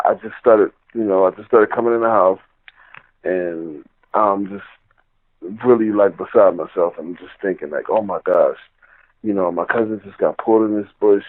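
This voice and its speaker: A man's voice: fairly low pitch, no room sound. A man telling a personal story in a rambling, casual way, full of "you know" and "like". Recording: tinny phone line.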